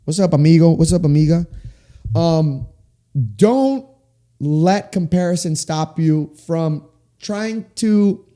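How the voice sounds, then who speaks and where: A man in his twenties hosting a faith-based solo podcast, talking with big swings up and down in pitch, in a small room with sound panels. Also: dark tone. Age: 20s. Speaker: podcast host.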